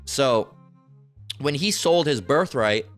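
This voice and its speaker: A man giving informal online Bible teaching, rambling and profane, repeatedly asking "all right?" and slowly reading verses aloud. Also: medium pitch, animated, a bit bright, soft background music. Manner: reads scripture aloud slowly.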